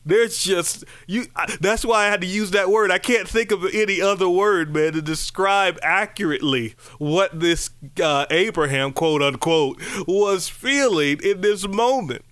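A man preaching a lively, conversational sermon, breaking into high exclamations and playful asides. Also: a little slow, few pauses, clear, resonant tone, dry recording.

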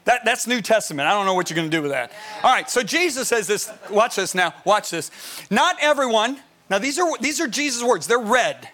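A middle-aged man preaching a sermon as pastor, emphatic and animated, often asking his listeners questions. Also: high-pitched, brisk, hardly any pauses.

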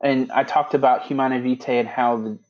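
A man who is a Catholic priest, chatting casually as a podcast guest, laughing easily and filling pauses with "you know.". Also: medium pitch. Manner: laughs easily, animated, lots of fillers. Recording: slightly dull lo-fi sound.

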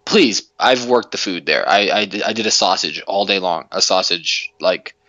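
A man's voice: low-pitched, moderate pace, sharp tone, no echo, highs cut off. A man hosting a podcast, ranting in a casual, profane way with lots of emphatic restarts. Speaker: podcast host.

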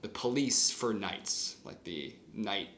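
A man casually retelling a story on a podcast, animated and swearing, acting out the scenes. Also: fairly low pitch, takes it slowly. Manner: animated, swears, acts out scenes with sound effects. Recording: roomy echo.

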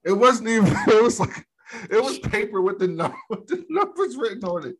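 Heavy background noise surrounds a man whose voice sits high and swings widely in pitch at a moderate pace. He co-hosts a podcast, casually retelling a film's scenes in order with plenty of laughs and swear words.

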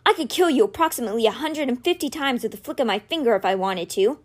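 A woman reading aloud, voicing an angry, commanding teenage boy mage who shouts his demands. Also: fairly high pitch, expressive, fast.

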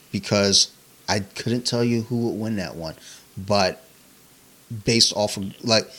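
A young man with a bright, forceful voice sitting low in pitch, chatting on a casual podcast. He talks bluntly and emphatically, swearing freely. His take comes out hard and direct. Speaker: podcast co-host. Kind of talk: casual chat.

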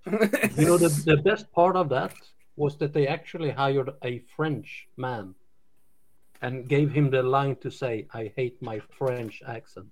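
A man's voice: mid-range voice, measured pace, no room sound, poor audio. A man in a casual podcast chat, wry and self-deprecating.

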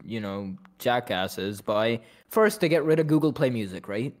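A man's voice: mid-range voice, expressive, moderate pace, crowd noise. A young man co-hosting a casual podcast, rambling, swearing freely and laughing often. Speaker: podcast co-host. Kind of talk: casual chat.

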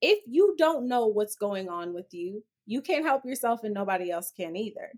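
An outspoken, expressive woman talks candidly as an interview guest, swearing casually as she goes. Her voice sits at a medium pitch. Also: moderate pace.

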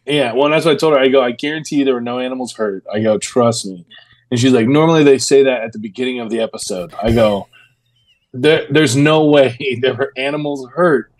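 A man's voice: medium pitch, quick pace, a little mellow. A man co-hosting a podcast in casual chat, retelling stories with lots of "I'm like" and swearing freely. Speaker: podcast co-host.

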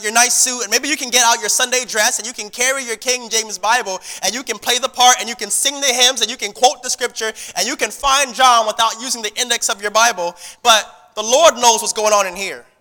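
A man's voice: very high-pitched, bright, forceful tone, big-room sound. A man preaching a sermon to his congregation in a conversational style, repeating words and restarting phrases as he goes. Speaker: pastor. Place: church sanctuary.

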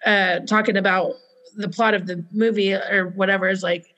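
A woman's voice: mid-range voice, steady tone, moderate pace, a bit bright. A woman in casual chat, friendly, chiming in with trivia and agreement.

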